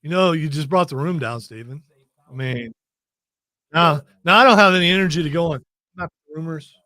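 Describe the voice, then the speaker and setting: A man's voice: on the high side, a little fast, bright, forceful tone, no room sound, studio quality. A man hosting a casual chat show, teasing his co-hosts and giving them orders. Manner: teasing, bossy and joking. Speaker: podcast host.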